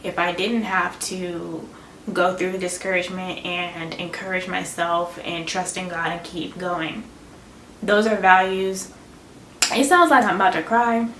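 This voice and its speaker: A woman's voice: fairly low pitch, normal speed, a bit bright. A woman talking casually to her viewers as a YouTuber, earnest and encouraging, chatty with fillers. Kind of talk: casual vlog talk. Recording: roomy, slightly distant with faint noise.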